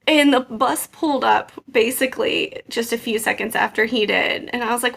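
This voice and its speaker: A woman co-hosting a podcast, telling lively, laughing stories about her kids in a casual chat. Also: a little high, a little fast, gravelly, hardly any pauses. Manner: animated, laughing anecdote-teller. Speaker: podcast co-host.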